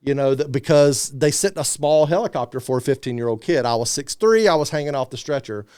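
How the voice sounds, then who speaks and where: Guesting on a podcast, a man in his thirties tells a story from his own life in a relaxed, lively style, doing impressions of the people he quotes. He talks fairly quickly in a medium-pitched, clear, resonant voice, recorded in a clean studio with no echo.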